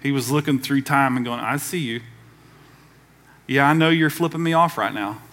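A man's voice: medium pitch, fairly quick, a bit bright. A man from the American South preaching a conversational sermon as pastor, acting out quoted voices along the way.

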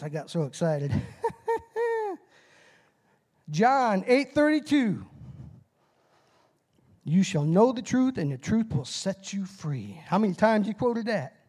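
A middle-aged man preaching a short, timed sermon with call-and-response. He is excitable and folksy, laughs at his own nerves, and bursts into shouted whoops. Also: high voice, gravelly, breathy edge. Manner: folksy, self-deprecating about his nerves. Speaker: lay preacher.

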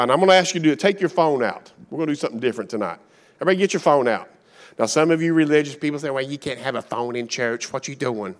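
A man's voice: on the high side, fairly bright tone. A middle-aged man with a Kentucky accent, preaching a sermon as a guest speaker in a folksy, joking storytelling manner.

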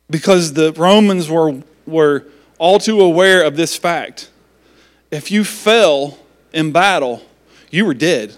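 A man pastor, preaching a sermon in a folksy, joking manner. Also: on the high side.

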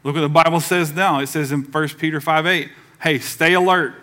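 A middle-aged pastor preaches to his church. His bright voice sits a little high, and he keeps it conversational, slipping into the voices of the people he quotes. The feel is a live sermon in a sanctuary. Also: fairly even intonation, moderate pace.

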